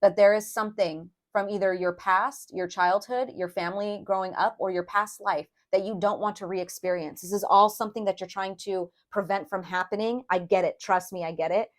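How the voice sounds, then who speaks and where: Young woman doing a tarot reading, super chatty, lots of um and like, talks straight to viewers, middle pitch. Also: fairly even intonation, fairly quick, hardly any pauses. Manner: chatty, addresses viewers as "you guys", many fillers. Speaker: tarot reader. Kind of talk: casual tarot reading to camera.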